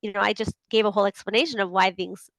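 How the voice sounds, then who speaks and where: A woman's voice: mid-range voice, steady tone, fast talker, fairly bright tone, no echo, low-quality recording. A woman hosting a casual group video call, chatty and full of fillers, who often acts out inner voices. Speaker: host of a group coaching call. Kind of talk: casual talk to an online group.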